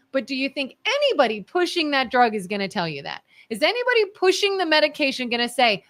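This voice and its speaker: Bright-voiced woman co-hosting a talk show. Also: high voice, very animated, fast talker, few pauses. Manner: emphatic, talks through examples. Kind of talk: casual talk show discussion.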